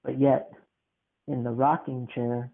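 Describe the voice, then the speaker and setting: Slow, easygoing young man, tinny sound. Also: medium pitch, vocal fry. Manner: relaxed, many fillers, dramatic "dun dun dun". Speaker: podcast co-host. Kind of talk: casual chat, storytelling.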